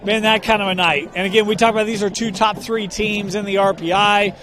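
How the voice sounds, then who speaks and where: A man doing play-by-play commentary on a high school football game, brisk in his calls and bantering with his co-host. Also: fairly even intonation, noisy background. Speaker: play-by-play announcer. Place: stadium press box.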